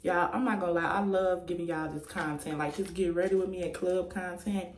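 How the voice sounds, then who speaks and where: A woman's voice: fairly low pitch, fairly even intonation, brisk. A young adult woman talking to her viewers in a casual makeup tutorial, chatty and laughing often. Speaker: vlogger. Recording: echoey room, faint noise.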